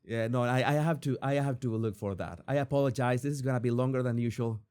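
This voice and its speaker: A man hosting an entertainment commentary channel, reacting in an excitable way, swearing and stumbling over repeated words. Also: mid-range voice, quick pace, clean tone.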